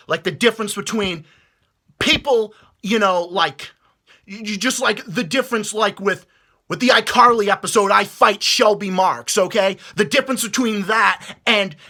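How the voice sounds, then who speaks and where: Furious ranting man, high tense voice. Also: sharp tone. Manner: heated, profane, stumbling over restarts. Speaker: vlogger. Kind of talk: angry rant.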